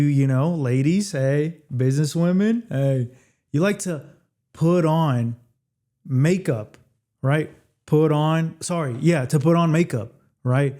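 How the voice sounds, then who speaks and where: Chatty male English teacher, mellow voice. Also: fairly high pitch. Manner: chatty, repeats phrases slowly for learners. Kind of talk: casual video lesson.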